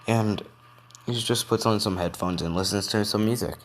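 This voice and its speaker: A man with a low voice tells an improvised fan story. He rambles and restarts his sentences as he goes. A faint noise sits behind him. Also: moderate pace.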